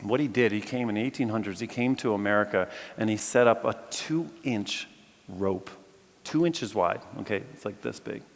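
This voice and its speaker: Male campus preacher, lively storyteller, medium voice, reverberant auditorium sound. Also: lowish voice, moderate pace. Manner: animated storyteller, jokes with audience. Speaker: campus chapel speaker. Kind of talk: sermon. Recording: long reverb of a large hall.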